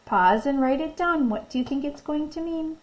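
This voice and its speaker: A woman teacher reading a picture book aloud in a recorded lesson. She reads expressively, stops to ask questions and tells the children when to pause. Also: high-pitched, poor audio. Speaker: elementary school teacher.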